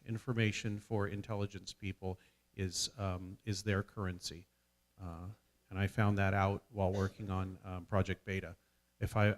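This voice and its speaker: Low-voiced man musing on a panel. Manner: measured, hesitant with many fillers. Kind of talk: conference panel talk. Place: conference panel.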